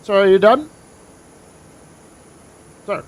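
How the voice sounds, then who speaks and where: Speaking slowly in a high-sitting voice, a man streams a flight simulator and offers casual, joking commentary as he goes through every step of the cockpit setup.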